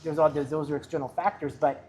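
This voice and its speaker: A woman hosting a casual interview, chatty and expressive as she tells stories. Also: deep voice, fast, slight background noise. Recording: crowd chatter in the background.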